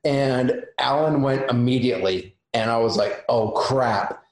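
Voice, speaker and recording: A man's voice: medium pitch, a little slow, very echoey, rough recording. A man animatedly telling stories in a casual chat with former coworkers. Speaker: cast member recalling a shoot.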